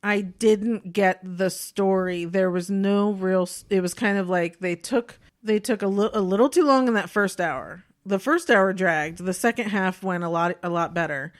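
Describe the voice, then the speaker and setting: A woman co-hosting a podcast in casual chat, animated and opinionated, often laughing as she talks. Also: medium pitch, normal speed, hardly any pauses. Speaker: podcast co-host.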